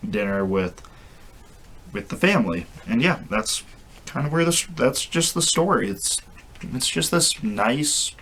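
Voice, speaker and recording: A man's voice: fairly low pitch, a bit bright. A man casually retelling a comic book story, rambling with restarts and fillers. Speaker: comic reviewer.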